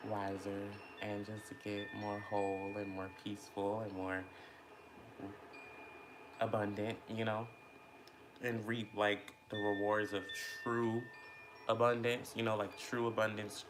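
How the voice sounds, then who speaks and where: Over noisy background sound, a man with a lowish voice chats as he eats for his mukbang vlog. The talk is casual and introspective, rambling and full of fillers as he works through his feelings out loud.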